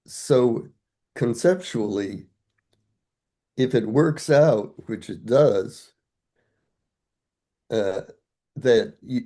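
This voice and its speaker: A man's voice: mid-range voice, lively intonation, extremely slow, pauses often, warm tone. An older man, a guest scholar, explaining ideas step by step in a thoughtful, conversational academic way, asking himself rhetorical questions.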